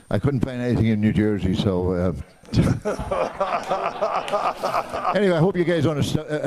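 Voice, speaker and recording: A man giving rambling, halting remarks with many restarts and fillers at a club meeting. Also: medium pitch, dark tone. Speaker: club member sharing travel news.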